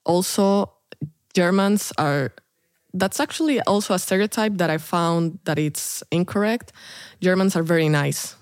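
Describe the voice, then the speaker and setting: Low-voiced Colombian-born woman, chatty. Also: unhurried, no room sound, studio quality. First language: Spanish. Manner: chatty, laughs often, many "like" fillers. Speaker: interview guest, international student. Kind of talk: casual interview chat.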